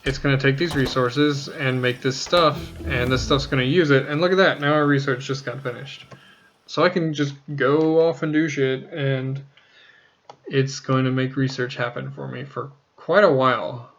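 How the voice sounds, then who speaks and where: A man's voice: medium pitch, fairly even intonation, normal speed, fairly bright tone. A man casually talking through a game tutorial, rambling, joking at his own expense and swearing now and then. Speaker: let's play host.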